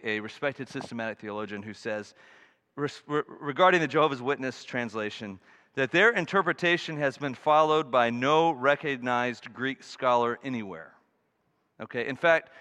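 A middle-aged male pastor preaching a sermon, earnest, shifting from loud emphasis to quiet asides. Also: a little high. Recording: long reverb of a large hall.

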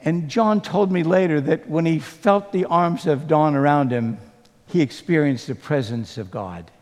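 Slow-spoken pastor in a reverberant church. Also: male voice, on the high side, a little mellow. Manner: slow, earnest storytelling with quoted dialogue. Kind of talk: sermon storytelling.

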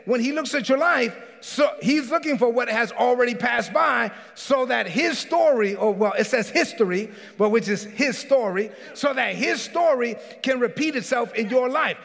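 A man preaching a sermon as a pastor in a church. He preaches emphatically, often shouting, and calls out congregants by name. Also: extremely high pitch, expressive, moderate pace, creaky, few pauses. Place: church sanctuary. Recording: reverberant hall.

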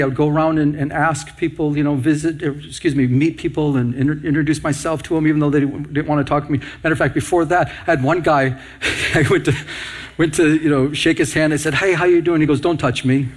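A man preaching a sermon as a pastor, earnest and repetitive, asking the congregation rhetorical questions. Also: on the high side.

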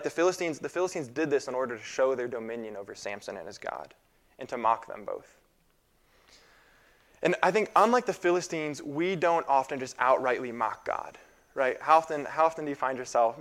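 A young man in his twenties preaching a sermon in a casual, halting way, with fillers and repeated phrases. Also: mid-range voice, a bit bright.

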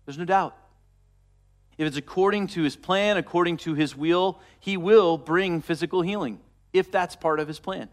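A man's voice: sits high, moderate pace, long pauses. Man preaching a storytelling sermon. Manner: storytelling preacher, drops to soft quiet voice for quoted words. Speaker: pastor.

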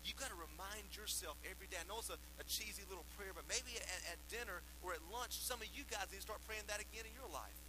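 A man, a lead pastor, preaching a sermon with emphatic bursts and quieter asides. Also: sits high, quick pace, hardly any pauses. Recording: poor audio with mains hum.

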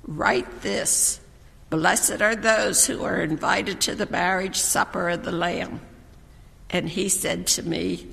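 A scripture reader giving a measured, proclaiming reading in a church. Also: mid-range voice, creaky, fairly bright tone. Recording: church hall reverb.

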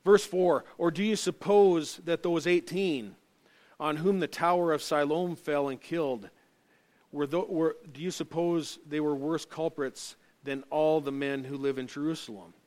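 A man's voice: on the high side, fairly even intonation, measured pace. Emphatic male pastor preaching. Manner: emphatic, rising and dropping between loud stresses and quiet asides. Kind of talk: sermon.

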